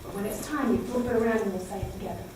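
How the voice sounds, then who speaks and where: A woman teaching children a Bible story, animated and exclaiming, coaxing the children to repeat lines after her. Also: mid-range voice, very fast. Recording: echoey room, heard from far off.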